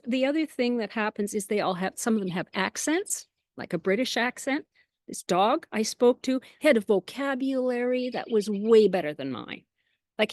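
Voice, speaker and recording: A woman chatting as an interview guest, telling lively anecdotes with quoted asides and frequent small laughs. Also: fairly high pitch, no echo, studio quality. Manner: laughs often between phrases. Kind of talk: casual storytelling.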